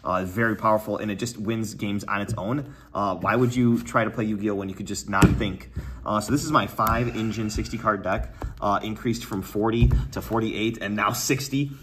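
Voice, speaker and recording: A young man giving a casual deck breakdown, talking quickly with lots of fillers and going a little out of breath. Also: lowish voice, steady tone, background noise. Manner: quick, filler-heavy, trails off quietly. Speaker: deck profile presenter. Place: card tournament venue.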